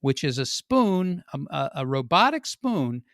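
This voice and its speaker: A man hosting a podcast, opening the show in an energetic, jokey way. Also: unhurried, no room sound, studio quality. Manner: energetic and jokey, pitch jumps for emphasis. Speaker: podcast host. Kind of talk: upbeat podcast introduction.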